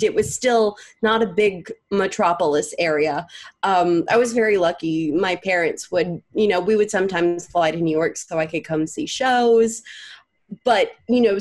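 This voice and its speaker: A young woman from the American South, a guest actor, with a light Southern accent, telling stories and acting out the people in them. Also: lowish voice. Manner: storytelling, acts out quoted people. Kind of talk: casual interview chat.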